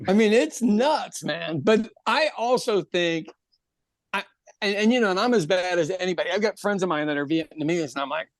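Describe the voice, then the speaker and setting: A man's voice: sits high, expressive, moderate pace, no echo, clean studio sound. A man from Ireland co-hosting a podcast in casual chat, laughing often and repeating words as he starts. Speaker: podcast co-host.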